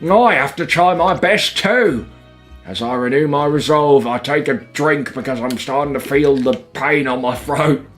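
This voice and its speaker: A streamer reading game narration aloud in a lively storybook manner. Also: medium pitch, unhurried, soft background music.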